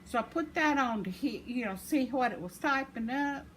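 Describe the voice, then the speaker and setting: A woman's voice: high voice, expressive, moderate pace, fairly bright tone. Chuckling older woman, rambling. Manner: rambling, chuckling, self-deprecating. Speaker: vlogger. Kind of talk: casual storytelling. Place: home. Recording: noisy home recording.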